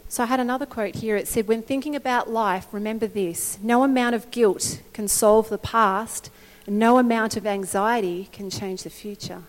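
Animated woman preaching in an echoing hall. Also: a little high, moderate pace, few pauses. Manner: animated, conversational, often checks in with "okay?". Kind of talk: sermon. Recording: long hall reverb.

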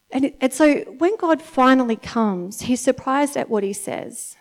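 Woman, mother, church speaker; slightly high voice, conversational storytelling sermon with frequent check-ins. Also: normal speed, hardly any pauses, darkish tone. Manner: chatty, storytelling, keeps checking in with the audience by asking "okay?".

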